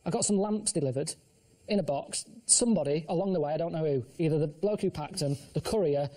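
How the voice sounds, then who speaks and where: A late-thirties man with a Manchester accent, talking in a high, mellow voice. He rattles through his complaints quickly, deadpan and plain-spoken. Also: low-quality recording. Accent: Manchester English. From England. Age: late 30s. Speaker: show regular. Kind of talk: casual chat.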